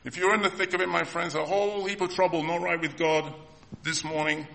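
Bright-voiced man preaching with passion. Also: a little high, steady tone, brisk, vocal fry. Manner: impassioned, emotional preaching with rising peaks. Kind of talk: sermon.

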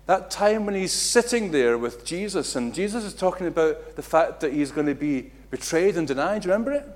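A middle-aged man preaching a sermon, acting out quotes with big jumps in loudness and pitch. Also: moderate pace. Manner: animated, acts out quotes with big swings in loudness.

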